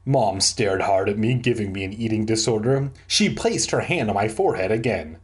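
A man's voice: on the low side, expressive, moderate pace, husky. A man from San Diego reading a book aloud for comedy, breaking off into rambling, joking asides. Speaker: reader and comedian.

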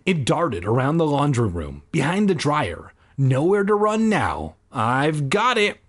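A man's voice: a little high, big pitch swings, a little slow, breathy edge. A man reading a children's book aloud, cutting in with sarcastic jokes. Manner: sarcastic, jokey interruptions. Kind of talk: comedic book reading with asides.

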